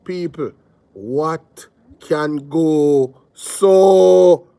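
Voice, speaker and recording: A Jamaican man hosts a live reaction stream in an animated, emphatic voice that sits a little high. His sound is dry and close, with no room around it, as he hammers each point home. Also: drawn-out words, vocal fry, smooth, no room sound. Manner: animated, emphatic, repeats points, shouts out viewers. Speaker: reaction show host.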